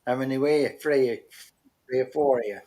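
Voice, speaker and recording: A man's voice: mid-range voice, fairly quick, dark tone. A man on a home livestream chat, laughing often as he tells everyday stories about his family. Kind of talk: casual chat.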